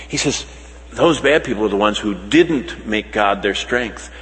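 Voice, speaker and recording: A man preaching a sermon, swinging between loud emphatic lines and soft, slow ones. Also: medium pitch. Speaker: pastor. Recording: long hall reverb.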